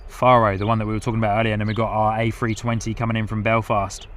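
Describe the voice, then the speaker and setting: A man's voice: fairly low pitch, flat delivery, racing, fairly bright tone, slight background noise. A man hosting a live plane-spotting stream outdoors at an airport, commenting on planes in a chatty way and reading out viewer comments with frequent laughs.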